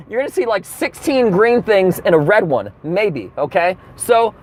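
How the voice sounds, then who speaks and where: A man with a high, lively voice tells a comedy rant while sitting in his car. He swings his pitch all over and acts out the people in his story. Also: moderate pace, few pauses. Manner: animated storytelling with acted-out quotes.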